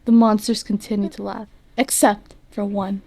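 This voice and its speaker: A woman's voice: medium pitch, little pitch movement, moderate pace, mellow. Giggling woman reading fan fiction aloud. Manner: giggly, stumbles over words. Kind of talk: comic dramatic reading.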